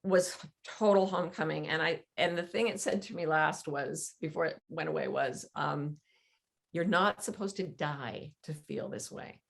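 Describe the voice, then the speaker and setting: A woman's voice: deep voice, normal speed, gravelly. A middle-aged woman, a guest author, earnestly telling a personal story in conversation, acting out quoted dialogue.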